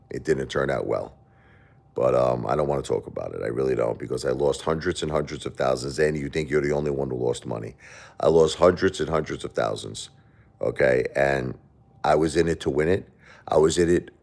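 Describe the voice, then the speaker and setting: A middle-aged man with a very low voice hosts a casual livestream. He answers viewer questions defensively, circling back to the same points. When he tells a story, he turns it into an animated retelling. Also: creaky. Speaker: livestream host.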